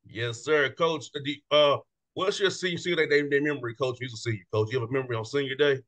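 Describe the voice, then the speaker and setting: A man's voice: medium pitch, fast, fairly bright tone. A man hosting a casual interview show, loose and chatty, laughing easily between his words. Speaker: show host.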